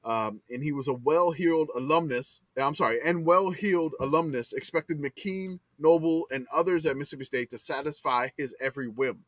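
A man with a somewhat high voice hosts a casual sports podcast, walking through old records with eager running commentary. His voice is close and dry, with no room sound around it. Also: normal speed, few pauses, no room sound. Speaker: podcast host. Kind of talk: casual chat.

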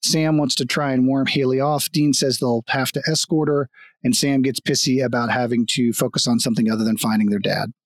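A man's voice: mid-range voice, steady tone, brisk, no echo. Profane man recapping an episode, dry sound. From Kansas. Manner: loose, profane, laughs while talking. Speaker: podcast co-host. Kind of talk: casual chat recapping a TV episode.

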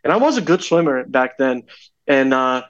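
A man's voice: medium pitch, moderate pace, dull audio. A young man, a podcast guest, telling a story in casual chat and acting out the dialogue as he goes. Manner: animated, acts out dialogue in his stories.

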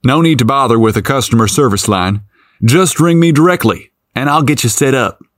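A man's voice: mid-range voice, a little fast, fairly bright tone, no echo, clean studio sound, natural voice. A man doing a friendly country repairman. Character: young male cable repairman, friendly country boy.

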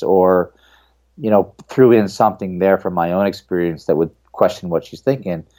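A middle-aged man with a deep, mellow voice speaks as an author being interviewed. His manner is earnest and reflective, taking his time over personal stories. The tone stays low and relaxed throughout. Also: normal speed. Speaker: author and guest. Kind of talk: podcast interview.

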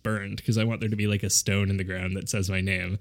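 A man's voice: sits low, flat delivery, a little fast, creaky. A man telling a rambling anecdote in a casual chat, often laughing as he goes. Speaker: podcast co-host.

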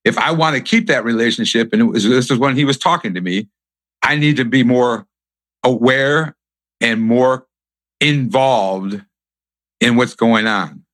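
A man's voice: medium pitch, a little slow, a bit bright, no echo. Earnest male host, dry sound. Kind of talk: interview.

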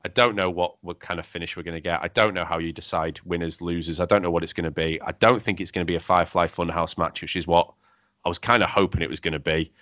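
Podcast host, man, lowish bright voice, chatty and quick, restarts a lot; dry, dull lo-fi sound. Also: fairly even intonation, no room sound. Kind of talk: casual podcast chat.

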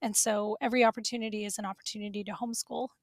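A woman telling a personal story as a podcast guest, animated and emotional, laughing now and then. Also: mid-range voice, very fast, dry recording, studio quality.

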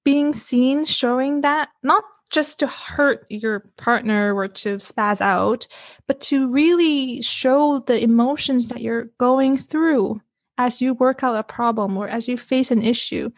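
A fairly high-voiced woman tells a personal story in relaxed conversation, stumbling and repeating words as she goes. Her voice sits close and dry, with no room around it. She keeps the talk animated and chatty throughout. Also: takes it slowly, no room sound. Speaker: podcast guest. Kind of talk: casual chat.

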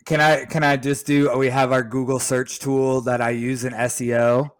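A man's voice: mid-range voice, flat delivery, moderate pace. A man co-hosting a casual chat show, joking and teasing as he keeps pressing his point. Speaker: podcast co-host.

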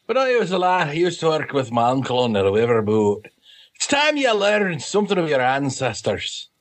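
A man doing a stingy old Scottish cartoon duck, pitched well above his own voice. He reminisces in a gruff Scottish lilt, a comic impression tossed off during a podcast chat. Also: sing-song, moderate pace. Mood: gruff reminiscing.

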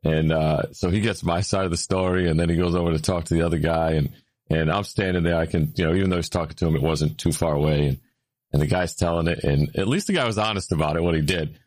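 A man telling a story in casual chat, with lots of fillers, getting louder and higher when he gets worked up. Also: fast, no echo. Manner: animated, rising when worked up, many fillers.

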